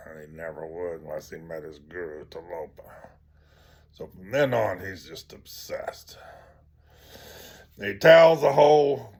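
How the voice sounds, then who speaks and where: A man tells a teaching story slowly and in a low voice, rambling with many fillers. His voice is gravelly and husky, and it sometimes sinks to a near-whisper. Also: a little mellow. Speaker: teacher of tantric practice.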